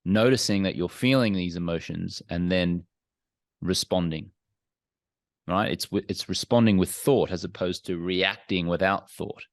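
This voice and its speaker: Low-voiced, candid male podcast guest. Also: no echo. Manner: frank, self-examining, measured. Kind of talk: candid, reflective interview talk.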